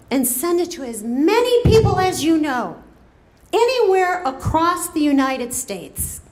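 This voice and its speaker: A woman giving a political rally speech as a campaign co-chair, rousing the crowd and drawing out her words. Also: high-pitched. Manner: rousing, drawn-out delivery with rising calls to the crowd. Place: event room at a cafe, crowd present. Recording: echoey room with crowd murmur.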